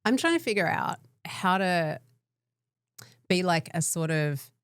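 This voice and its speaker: A woman's voice: on the low side, lively intonation, measured pace, clean tone, no echo, studio quality. An Australian woman co-hosting a podcast, telling wry, self-deprecating stories in casual chat. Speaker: podcast co-host.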